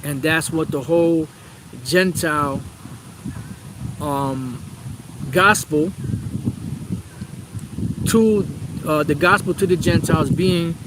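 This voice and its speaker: A man with a slightly raised pitch preaches through scripture, reading verses and breaking them down emphatically. He leans on rhetorical questions and repeats key phrases. The recording is outdoors, with wind and steady background noise. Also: takes it slowly, long pauses. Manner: reads scripture aloud, then explains with rhetorical questions. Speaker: Bible teacher. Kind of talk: preaching Bible study.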